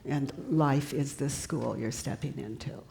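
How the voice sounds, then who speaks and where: An older woman guiding a participant in a live workshop, soft and coaxing, sometimes dropping to a whisper. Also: extremely low pitch, measured pace, creaky, a little hiss or hum, poor audio. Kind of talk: gentle guided coaching on stage.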